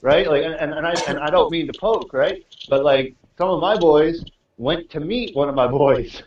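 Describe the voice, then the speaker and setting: A man's voice: on the high side, normal speed, slight background noise. A man chatting casually on a live stream, swearing, laughing and restarting his sentences. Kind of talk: casual live chat while walking. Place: out walking, then a convenience store. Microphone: phone in a pocket. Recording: muffled, roomy, distant phone mic.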